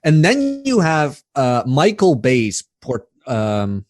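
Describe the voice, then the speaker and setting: A young man from the Netherlands with a Dutch accent in English, a guest chatting and ranting in an animated, casual way. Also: medium pitch, takes it slowly. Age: young adult. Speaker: podcast guest. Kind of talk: casual chat.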